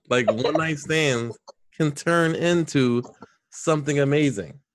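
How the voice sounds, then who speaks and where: A man's voice: fairly high pitch, slow. A man co-hosting a podcast, joking and teasing in casual chat. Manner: joking interjections, playful teasing. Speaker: podcast co-host.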